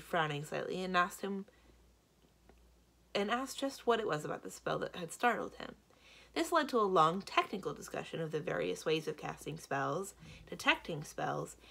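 A woman librarian narrating a children's book aloud in a steady storytelling manner. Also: on the low side, creaky, slightly rough. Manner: steady storytelling, varied delivery.

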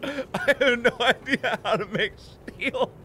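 A man hosting a let's play video, talking through the game as he plays. He is excitable and swings from loud squeals to muttered asides. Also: extremely high pitch, slow pace, slight background noise. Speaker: gaming channel host.

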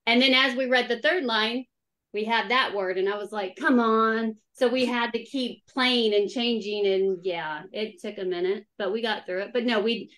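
A woman's voice: a little high, normal speed, fairly bright tone, rough recording. A woman author chatting casually on a podcast, laughing often and acting out her own quoted remarks. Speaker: guest author.

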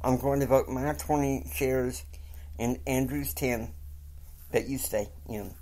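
A man voicing a stern, caring wealthy mother who calmly lays down the law. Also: mid-range voice, takes it slowly, lightly acted. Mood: firm. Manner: calm, firm counsel.

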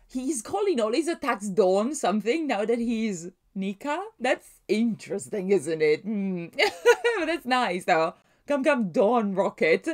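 Woman, casual reaction host, animated pitch, excitable and rambling, laughs easily. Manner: excitable, laughs often, restarts and wonders aloud. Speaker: manga reaction vlogger. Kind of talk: casual thinking-aloud reaction.

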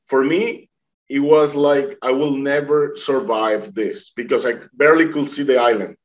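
Earnest man telling his story, lo-fi. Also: medium pitch. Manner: earnest storytelling, acting out quoted voices. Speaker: interview guest. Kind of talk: personal testimony.

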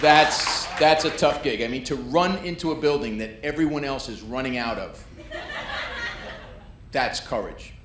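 Speaking in an unhurried, mid-range male voice, a New York stand-up comic performs a brash, crowd-baiting set on a comedy club stage. The room is echoey and the crowd is loud.

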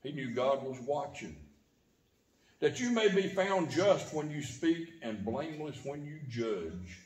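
A man's voice: lively intonation, a little slow, darkish tone. Man preaching in an echoey church. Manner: preaching with sudden rises and drops in pitch and volume. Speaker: pastor. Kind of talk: sermon. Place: church sanctuary.

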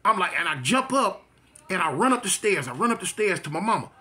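A man with a fairly high, bright and forceful voice recounts his own past in a loose, conversational way. He circles back on phrases and brings the story to life with his own sound effects. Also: very animated, fast, breathy edge. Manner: vivid storyteller who repeats phrases and mimics gunshots. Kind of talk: personal life story, casual telling.

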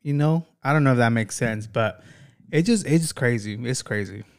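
A man's voice: medium pitch, expressive, moderate pace, creaky, slight background noise. A man hosting a reaction commentary, chatting casually with rhetorical questions and laughing asides. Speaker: commentary host.

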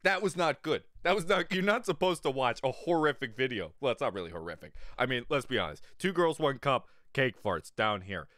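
A man's voice: mid-range voice, animated, brisk, hardly any pauses, a bit bright, no room sound, clean studio sound. A man streaming live, chatting casually with viewers in a crude, rambling way and often laughing. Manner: talks to chat viewers. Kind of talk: casual livestream chat.

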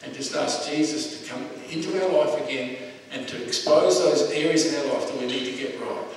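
A man preaching a sermon in a relaxed, conversational way, repeating his phrases and pausing on fillers. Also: mid-range voice, slight background noise. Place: church hall. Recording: echoey hall, voice from a distance.

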